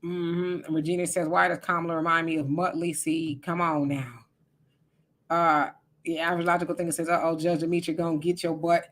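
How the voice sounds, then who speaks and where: A woman's voice: fairly low pitch, little pitch movement, brisk. A middle-aged woman, co-hosting a live stream and reading viewer comments in a chatty, teasing way. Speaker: livestream co-host. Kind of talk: casual live-chat commentary.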